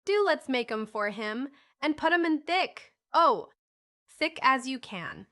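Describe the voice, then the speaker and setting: A woman voicing a tearful, eager young boy who whines and pleads excitedly in a storybook reading. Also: high voice, takes it slowly, pitched above the performer's own voice, full character voice.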